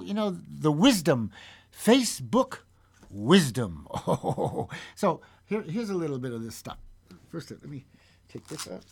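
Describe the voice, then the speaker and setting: Guy chatting between songs, high voice bouncing all over, jokey and playful. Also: creaky. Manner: playful, jokey banter with himself. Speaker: singer and guitarist. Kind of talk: casual chat between songs. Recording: loud guitar music over the voice.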